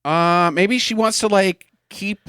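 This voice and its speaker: A man's voice: sits high, slow, fairly bright tone, smooth, no room sound, studio quality. A man co-hosting a casual, jokey chat about a bad movie and leading the questions. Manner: jokey, playful, asks the questions. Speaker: podcast co-host.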